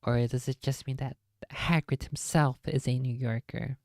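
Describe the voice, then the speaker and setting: Low-voiced woman streamer reading aloud. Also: steady tone, normal speed, a little mellow, no echo. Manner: casual, jokey, swears in asides. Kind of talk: live-stream read-aloud with asides.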